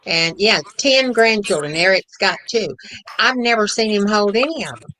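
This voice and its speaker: A woman's voice: medium pitch, normal speed, bright, forceful tone, poor audio. A woman in a casual group video call, making wry, joking remarks.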